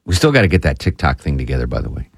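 A man co-hosting a podcast, telling stories in a casual chat and jumping high in pitch when amused. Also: very animated, racing, gravelly, slightly rough. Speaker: podcast co-host.

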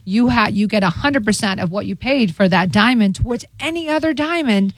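A middle-aged woman from England, a jewelry store owner chatting on a talk show, animated and persuasive. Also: brisk, no room sound. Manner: animated, persuasive, sales pitch. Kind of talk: casual chat.

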